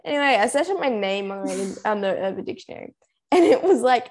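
A woman's voice: medium pitch, animated, quick pace, a little mellow. A young woman co-hosting a podcast, playful and teasing in casual chat. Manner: playful, teasing, laughs easily. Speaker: podcast co-host.

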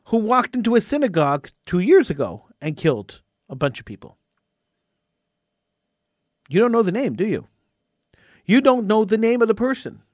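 Indignant high-voiced man hosting talk radio. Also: no echo, clean studio sound. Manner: indignant, repeats words when worked up. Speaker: radio talk show host. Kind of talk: impassioned talk radio monologue.

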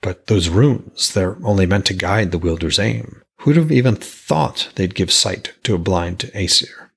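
An eager, reassuring smith speaks with a gravelly, husky low voice, put on by a male narrator. The storybook figure sounds lively and keen. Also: measured pace, heavily acted. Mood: musing.

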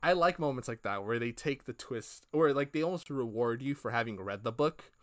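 A man's voice: mid-range voice, animated, a little fast, a bit bright, no room sound, studio quality. A man cohosting a podcast, retelling scenes in a casual, rambling way with many fillers and quoted lines. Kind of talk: casual review chat.

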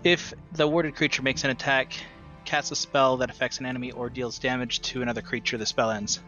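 A man's voice: medium pitch, steady tone, a little fast, bright, forceful tone, muffled recording, faint music behind. A man playing a tabletop game, eagerly thinking aloud about his moves and reading rules out. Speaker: player. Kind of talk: casual tabletop game chat.

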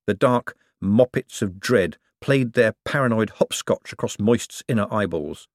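A man narrating an audiobook in an expressive, wry storytelling manner. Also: on the low side, unhurried, hardly any pauses, no echo, clean studio sound. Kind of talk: scripted narration.

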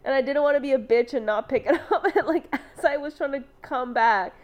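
A woman's voice: high-pitched, fairly quick, highs cut off. A woman co-hosting a podcast in casual chat, rambling and giggling, with lots of "like" fillers. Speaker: podcast co-host.

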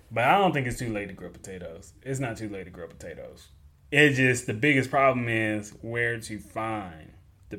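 A young man hosting a casual question-and-answer show, talking in a relaxed, rambling way and repeating points as he goes. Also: medium pitch. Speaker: host answering listener questions. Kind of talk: casual Q&A podcast talk.

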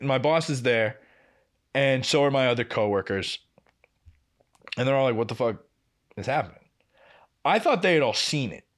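A young man, a podcast co-host, telling a workplace story in casual chat, swearing and acting out what people said. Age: young adult. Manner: animated, swearing, acting out quoted lines with big pitch jumps.

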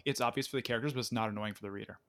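A man's voice: on the low side, fairly even intonation, very fast, fairly bright tone. A man co-hosting a casual writing chat, explaining ideas with frequent restarts. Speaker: podcast co-host.

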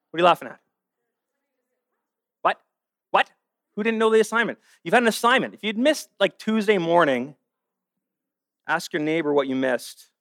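A high-pitched man preaching a sermon to a live church congregation. He banters with the room, then drops into earnest preaching that moves between hushed and forceful. The sound is dry and close, with little room echo. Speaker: guest speaker. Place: church service with a live audience.

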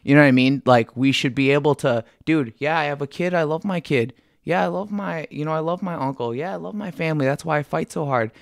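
A man's voice: fairly high pitch, brisk, creaky, few pauses, no room sound, studio quality. A man who fights for a living, a guest on a casual podcast, talking bluntly and earnestly with frequent swearing.

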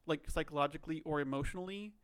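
Podcast co-host, male, slightly high voice, thoughtful and rambling. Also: very fast, a bit bright, clear, resonant tone. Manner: thoughtful, musing, many "like" fillers. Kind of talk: casual chat.

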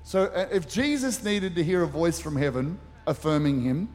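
A man's voice: on the high side, sing-song, moderate pace, a little mellow. A middle-aged man preaching a sermon as pastor, telling stories animatedly with acted asides. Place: church auditorium. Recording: church hall reverb with faint music.

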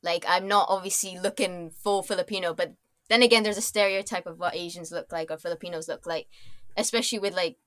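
A woman's voice: on the low side, fairly even intonation, brisk, fairly bright tone, no room sound. A young woman with a Scottish accent, a podcast guest chatting casually and rambling through many fillers and restarts. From Scotland. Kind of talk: casual chat.

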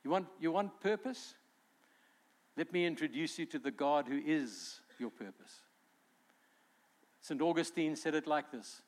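A man's voice: fairly high pitch, expressive, unhurried, long pauses. A male pastor preaching a sermon in an earnest way, acting out quotes as he goes.

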